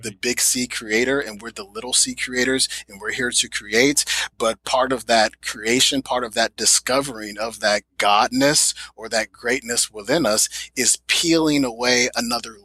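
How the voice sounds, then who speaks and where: A man's voice: medium pitch, sharp tone, husky, no echo, low-quality recording. A man speaking as a podcast guest in a motivational interview, emphatic and repeating phrases for effect.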